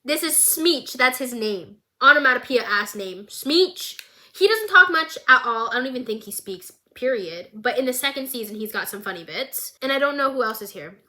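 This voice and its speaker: A woman's voice: on the high side, expressive, a little fast, few pauses, sharp tone. A woman vlogger giving a casual, chaotic show recap with jokey, rambling asides.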